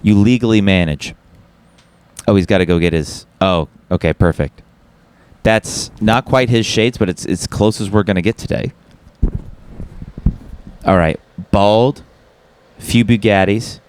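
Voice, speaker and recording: A man's voice: on the low side, a little slow, pauses often, a little mellow, a little hiss or hum. A man co-hosting a comedy podcast, rambling casually, swearing and laughing often. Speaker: podcast co-host.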